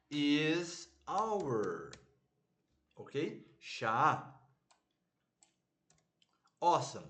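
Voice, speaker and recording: Slow, patient male Hebrew teacher. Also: a little high, a bit bright. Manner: slow, patient, repeats words for students, clears throat often. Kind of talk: online language lesson.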